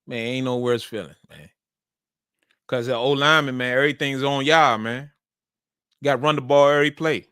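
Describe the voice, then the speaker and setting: A man's voice: mid-range voice, fairly even intonation, moderate pace, long pauses, fairly bright tone, clean tone, dry recording, studio quality. A man hosting a sports show, talking casually and emphatically about football and repeating his points. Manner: repetitive, emphatic, colloquial.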